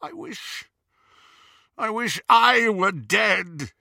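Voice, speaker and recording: A man reading an anguished, bitter grown man in an audiobook, pleading in a strained voice that breaks into shouts. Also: mid-range voice, wildly swooping pitch, takes it slowly, no echo, heavily acted.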